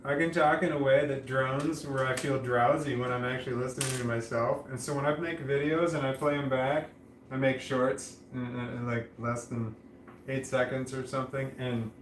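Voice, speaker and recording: A man vlogs casually to the camera in a flat, droning monotone, his mid-range voice at normal speed, with a slight lisp on S sounds and frequent restarts. The audio is poor and roomy, with a little hiss or hum.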